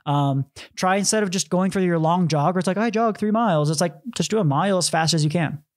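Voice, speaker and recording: A man co-hosting a podcast in casual chat, enthusiastic and animated, sometimes acting out his own thoughts. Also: fairly high pitch, fast. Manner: enthusiastic, animated, acts out inner thoughts in quotes. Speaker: podcast co-host.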